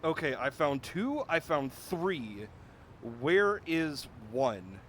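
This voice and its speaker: A man's voice: on the high side, sing-song, slow pace, fairly bright tone, slight background noise. Rambling, jokey male game streamer. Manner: rambling, jokey, talks to himself while playing. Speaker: gaming streamer. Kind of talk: casual let's-play commentary.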